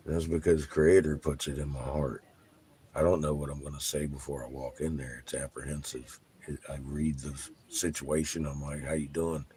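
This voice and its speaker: A man hosting his own channel, talking casually to viewers, animated and profane, laughing often. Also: a bass voice, moderate pace. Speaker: channel host.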